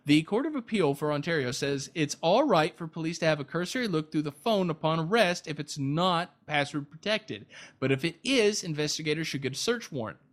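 A man's voice: a little high, lively intonation, a little fast. A man hosting a casual podcast, reading news stories aloud and adding sarcastic remarks, often stumbling and restarting his sentences.

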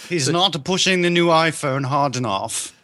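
A man in casual podcast chat, cracking deadpan jokes. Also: on the high side.

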